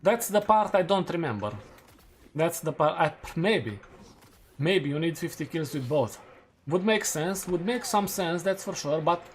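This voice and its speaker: A young man chats loosely with his viewers as he plays, his voice sitting a little higher than most men's. He thinks out loud, hedges and takes back what he just said. A soft hum of ambience runs underneath. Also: animated, unhurried. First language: Romanian. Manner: rambling, thinking aloud, hedging and correcting himself. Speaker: streamer. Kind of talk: casual live-stream chat while gaming.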